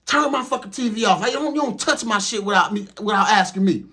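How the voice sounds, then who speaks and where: A man's voice: very high-pitched, quick pace, creaky, pitched above the performer's own voice, exaggerated voice. A man voicing his foul-mouthed, hot-tempered male trucking trainer in a story. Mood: yelling. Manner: yelling, cursing, bossy. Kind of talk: storytelling with acted quotes.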